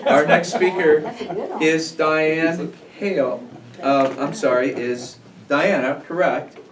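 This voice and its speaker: A man's voice: fairly high pitch, steady tone, slow, a crowd in the background. A man hosting a club meeting, chatty and upbeat as he introduces the speakers. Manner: upbeat, chatty, laughing at himself. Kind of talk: casual emceeing. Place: meeting room. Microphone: room mic from a distance. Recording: echoey room, distant mic, background noise.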